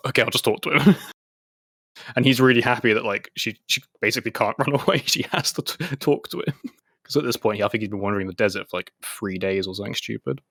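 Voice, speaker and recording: A man co-hosting an anime podcast, chatting casually and loosely with plenty of fillers. His voice sits a little low but sounds bright and forward. The recording is dry and close. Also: fast, vocal fry, dry recording. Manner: chatty, many "like" fillers, retells scenes in quoted voices. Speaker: podcast co-host. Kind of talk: casual chat.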